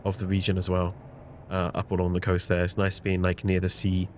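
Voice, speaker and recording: A man's voice: sits low, completely flat delivery, brisk, a little hiss or hum. Slightly sick man chatting to stream. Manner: chatty, addresses chat directly. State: a little sick. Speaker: streamer co-host. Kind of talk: casual livestream chat.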